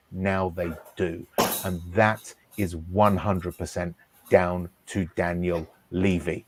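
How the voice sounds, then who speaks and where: A man's voice: sits low, little pitch movement, slow, noisy background. A man ranting emphatically on a football podcast, hammering his points and asking "okay?" again and again. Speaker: podcast host. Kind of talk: heated football talk.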